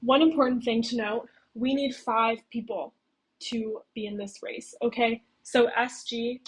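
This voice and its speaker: A woman's voice: fairly high pitch, steady tone, measured pace, husky, rough recording. A young woman recapping a game's story in a casual, chatty way, scattering "like" and "okay?" through her talk.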